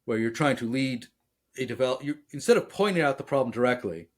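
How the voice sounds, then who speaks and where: A man co-hosting a casual software podcast who explains by acting out example exchanges and telling jokes. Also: mid-range voice, expressive, quick pace. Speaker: podcast co-host. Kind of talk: casual conversation about software.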